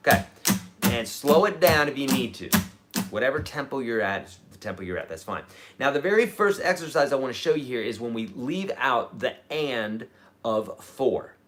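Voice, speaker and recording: A man's voice: medium pitch, expressive, a little fast. Encouraging male guitar teacher counting beats. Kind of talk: live-streamed guitar lesson. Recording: guitar playing loudly behind the voice.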